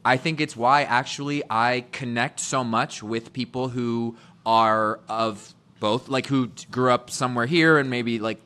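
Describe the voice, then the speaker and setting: Bright-voiced, rambling male podcast guest. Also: medium pitch, steady tone, unhurried, hardly any pauses, smooth. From England. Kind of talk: casual chat.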